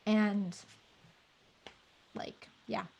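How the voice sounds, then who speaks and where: A woman's voice: medium pitch, flat delivery, very slow, vocal fry, darkish tone, dull audio. A woman guest on a podcast, a therapist talking through her creative project in a reflective way with lots of trailing fillers. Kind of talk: casual podcast conversation.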